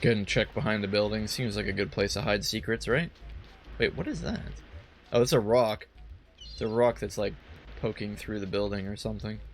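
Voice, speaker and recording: A man's voice: lowish voice, a little fast, faint music behind. A man casually commenting while playing a video game, rambling with joking asides. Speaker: let's play host. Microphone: headphones and desk mic.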